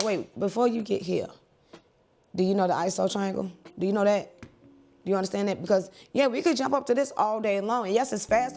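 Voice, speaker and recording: A woman in her thirties, a church and wedding photographer, chatting to camera at home in a lively, rambling way. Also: on the low side. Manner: chatty, animated, digressive. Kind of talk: casual talk to camera.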